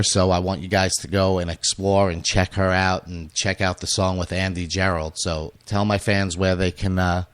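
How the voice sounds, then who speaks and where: A male radio host with a very low voice that is going hoarse. He rambles through casual questions, full of fillers and restarts. The sound is dry and close. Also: no room sound. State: losing his voice. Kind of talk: casual interview chat.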